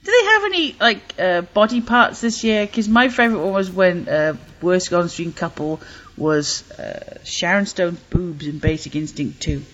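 A woman's voice: fairly low pitch, moderate pace. A woman chatting on a podcast in a dry, teasing way. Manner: dry, teasing, lively banter. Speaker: podcast guest. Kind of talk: casual chat. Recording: dull lo-fi podcast audio.

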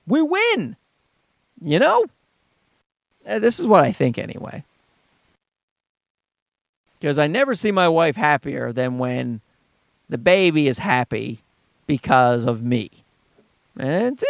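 In a casual monologue, a thirtysomething man tells rambling, profane stories, his voice carrying vocal fry with no echo. He acts out the people he quotes, putting on a high voice for them.

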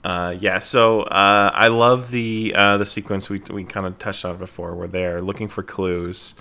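Low gravelly man hosting a chat. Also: measured pace. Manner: relaxed, with fillers and laughs. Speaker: podcast host. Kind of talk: casual podcast chat, recapping a movie.

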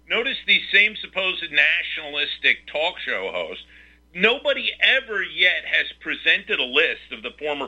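A man's voice: on the high side, sharp tone. Male radio host, combative rhetorical rants, piercing tone, muffled radio sound. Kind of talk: talk radio commentary.

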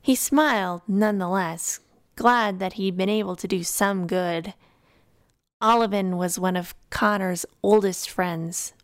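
A woman narrating a fantasy novel in a calm, measured storytelling voice. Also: mid-range voice, dry recording, studio quality. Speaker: audiobook narrator. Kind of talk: scripted narration.

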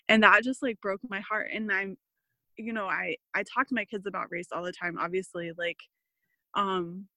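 A woman's voice: mid-range voice, dry recording, rough recording. A woman in her thirties, a podcast guest, telling family stories in casual, filler-heavy chat. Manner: chatty, many fillers, animated quoting. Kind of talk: casual interview storytelling.

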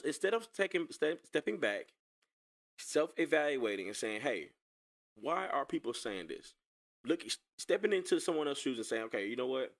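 A man giving casual reaction commentary on a video clip, sarcastic and animated, often repeating himself as he talks to viewers. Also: fairly high pitch.

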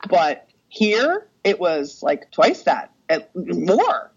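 A lively woman in her thirties chatting as a podcast guest, her pitch leaping up and down as she acts out what people said. She swears freely and laughs through her stories. The audio sounds dull and lo-fi. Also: drawn-out words, husky. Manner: animated storyteller, swears freely, acts out quotes. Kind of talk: casual chat.

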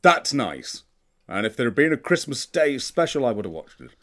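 A man's voice: medium pitch, sing-song, moderate pace, fairly bright tone. A man in casual chat, giving wry, emphatic opinions with dry humour.

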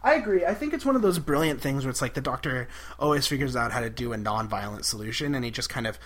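A man's voice: mid-range voice, lively intonation, quick pace, a bit bright. A man co-hosting a podcast, recapping an episode in casual chat, enthusiastic and giggly with lots of fillers. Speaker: podcast co-host.

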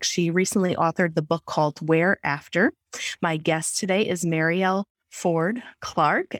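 A woman's voice: lowish voice, no room sound, studio quality. A woman hosting a spiritual podcast interview, talking in an enthusiastic, chatty way. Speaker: podcast host.

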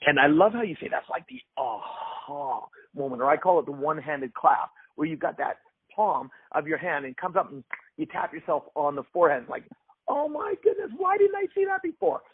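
A man's voice: a little high, fairly quick, breathy edge, no echo. A man hosting an interview, enthusiastically summing up points and asking questions. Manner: enthusiastic, sums up and poses questions. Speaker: host. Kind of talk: casual interview talk. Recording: tinny phone-line sound.

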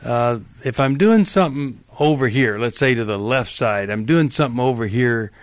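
A man's voice: medium pitch, normal speed, no echo. A male radio talk show host giving earnest, emphatic and empathetic advice to callers in a studio.

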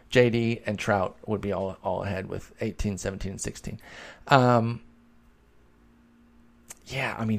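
A man's voice: fairly low pitch, creaky. A man hosting a podcast, answering listener questions in a chatty, analytical way and thinking aloud with fillers. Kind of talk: casual chat.

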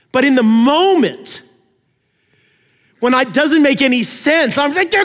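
A man preaching a sermon, telling stories with animated swings between loud emphasis and quiet asides. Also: very high-pitched, long reverb tail. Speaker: pastor.

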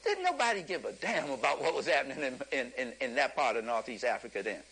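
A man giving an impassioned lecture to an audience, preacherly and emphatic, rising at times to a shout and chuckling through his points. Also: mid-range voice, sing-song, quick pace, creaky, a little hiss or hum, rough recording.

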